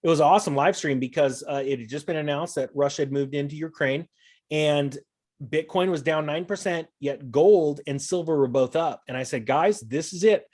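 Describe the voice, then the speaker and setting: A man's voice: on the high side, fairly quick, a little mellow. A man talking casually and animatedly, acting out sarcastic imagined exchanges. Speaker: guest. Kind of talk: casual chat.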